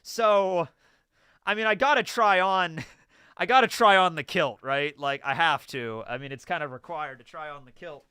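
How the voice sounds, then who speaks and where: A young adult man hosting a live stream, chatting casually and excitably with frequent laughter. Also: fairly high pitch, moderate pace, smooth, no room sound, clean studio sound. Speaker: streamer host.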